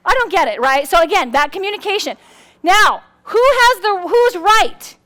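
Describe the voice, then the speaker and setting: Animated, very high-pitched woman speaker. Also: moderate pace. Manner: animated, acts out quotes with big pitch swings. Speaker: speaker on personality styles. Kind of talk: lively workshop talk to a live audience.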